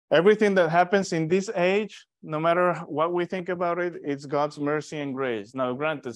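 A man teaching a Bible study session, telling a story and acting out the people in it. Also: medium pitch. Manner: animated storyteller, acts out quoted voices. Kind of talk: storytelling sermon.

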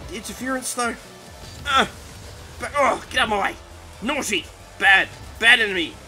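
A man giving excitable, self-mocking commentary over his own gameplay, exclaiming and groaning as it goes. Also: very high-pitched, normal speed, soft background music. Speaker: gaming commentator.

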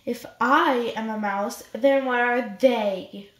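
Brief: woman reading as a cocky little storybook mouse, slow and insistent, fairly high. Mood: stubborn. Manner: stubborn, insistent. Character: boastful little male mouse claiming to be a tiger. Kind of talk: storybook read-aloud. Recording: roomy echo.

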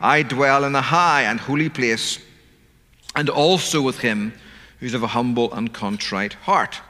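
A man preaching a sermon, slowing down to stress key words. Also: mid-range voice, pushed and bright. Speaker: pastor. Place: church sanctuary. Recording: church hall with long reverb.

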